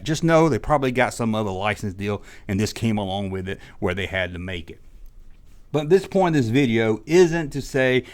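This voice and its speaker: Brief: man, rambling exasperated rant, mid-pitched everyday voice. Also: expressive, brisk, darkish tone. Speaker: toy collector YouTuber. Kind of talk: ranting monologue. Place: indoors, audio only.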